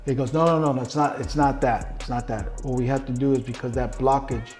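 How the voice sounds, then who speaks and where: In a casual interview, a middle-aged man tells his story bluntly and with lots of swearing, acting out the voices of the people he quotes. He speaks fast in a mid-range, somewhat dark voice with fairly even intonation, and faint music plays behind him.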